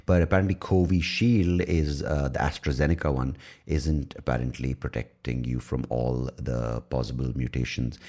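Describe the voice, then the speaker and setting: A man's voice: a bass voice, steady tone, moderate pace, warm tone. A young man hosting a casual solo podcast, rambling and irreverent and swearing often. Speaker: podcast host.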